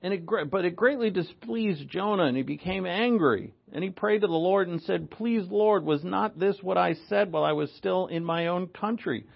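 A man preaching a sermon, animated, moving between loud emphasis and low asides. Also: moderate pace, creaky, few pauses, lo-fi sound.

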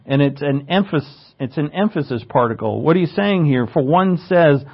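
A man's voice: fairly high pitch, lively intonation, normal speed, hardly any pauses, breathy edge, dull audio. A man preaching a sermon as a pastor, explaining Greek words, asking rhetorical questions and rising in emphasis on key points.

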